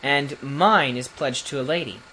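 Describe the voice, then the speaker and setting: A proud young storybook prince, stately and formal, speaking with measured dignity, as a man reading aloud voices him. He speaks at a middle pitch, with faint background noise. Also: bright, forceful tone, rough recording.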